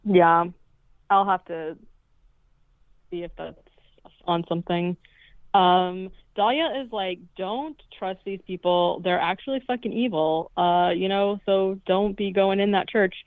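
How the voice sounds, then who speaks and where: A woman's voice: medium pitch, clear, resonant tone, dry recording. Woman, podcast co-host, casual plot recap, swears, phone-like sound. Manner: swearing, jokey retelling with quoted lines. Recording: dry tinny phone-like line.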